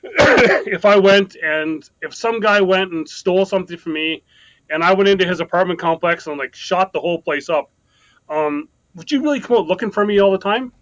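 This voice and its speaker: A man's voice: sits high, moderate pace, a bit bright, no echo, lo-fi sound. A man from Ontario, Canada chatting as a guest, rambling through a story with many restarts. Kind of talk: casual chat.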